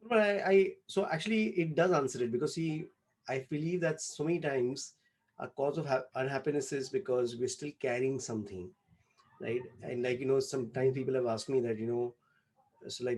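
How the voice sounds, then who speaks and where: A man hosting a podcast, speaking softly and thoughtfully in casual chat. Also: medium pitch, a little fast. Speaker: podcast host.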